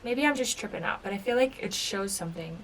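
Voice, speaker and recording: A woman's voice: medium pitch, animated, quick pace, fairly bright tone, slight background noise. Chatty woman telling a story. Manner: chatty storytelling, lots of filler "like". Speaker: former game show contestant. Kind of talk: casual reaction vlog.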